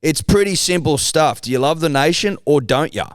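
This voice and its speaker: Australian bloke, co-host, smooth resonant voice, dry close sound, sweary banter. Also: male voice, a little high, expressive, moderate pace, no room sound. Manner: sweary, joking, fired-up. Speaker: podcast co-host. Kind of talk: casual banter.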